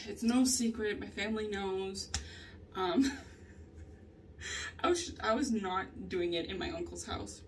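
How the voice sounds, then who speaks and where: A woman's voice: mid-range voice, slow, pauses often. A young woman talking candidly in a casual vlog, swearing often and laughing through her stories. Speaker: vlogger. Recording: distant mic with faint ambient noise.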